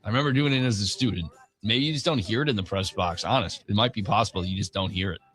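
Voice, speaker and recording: A man co-hosting sports radio, bantering and reading an ad briskly. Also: on the low side, a bit bright. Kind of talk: casual sports radio chat and ad reads. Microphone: studio mic.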